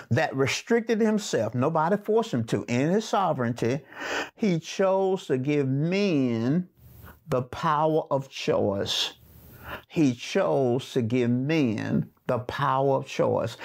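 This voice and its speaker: A man's voice: mid-range voice, a little mellow. A man teaching a sermon-style Bible lesson. He reads scripture aloud, explains it in plain words, and repeats key phrases for emphasis.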